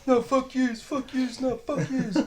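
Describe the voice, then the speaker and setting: A man voicing a drugged-up, aggressive young man who yells shrill denials. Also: little pitch movement, measured pace. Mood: angry denial. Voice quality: shrill, strained yelling.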